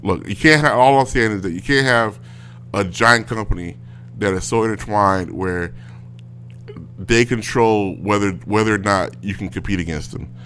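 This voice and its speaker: A man's voice: lowish voice, moderate pace, fairly bright tone, a little hiss or hum. A man hosting a casual solo show from home, ranting in a rambling way with many fillers and restarts. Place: home with a smart speaker.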